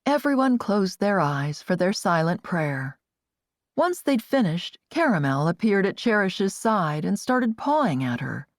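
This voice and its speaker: A woman narrates an audiobook with expressive, varied intonation. Her pitch moves a lot across each line. The recording is close and dry. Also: a little slow, no echo.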